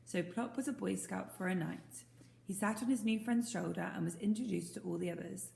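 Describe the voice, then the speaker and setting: Woman teacher, storybook read-aloud, gentle, asks questions, roomy sound. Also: mid-range voice, brisk, creaky. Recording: roomy echo.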